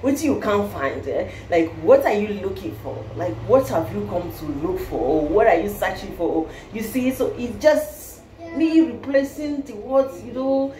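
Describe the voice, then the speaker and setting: Lively woman vlogging in a roomy space. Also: medium pitch, moderate pace. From Kenya. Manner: playful, laughs often, slips into Nigerian Pidgin phrases. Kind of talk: casual chat to camera. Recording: roomy echo with faint background hiss.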